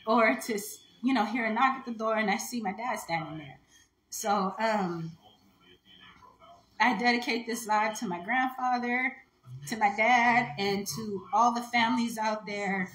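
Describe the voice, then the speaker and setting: A woman's voice: medium pitch, a bit bright, roomy sound, rough recording. A woman hosting a jewelry live stream, talking to viewers in a heartfelt, chatty way. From United States. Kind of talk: casual live-stream talk.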